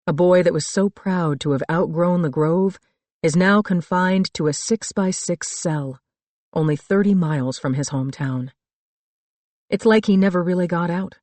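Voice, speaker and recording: A middle-aged woman narrating a first-person thriller audiobook in a calm, reflective storytelling manner. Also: on the low side, moderate pace, dry recording. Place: dry studio booth.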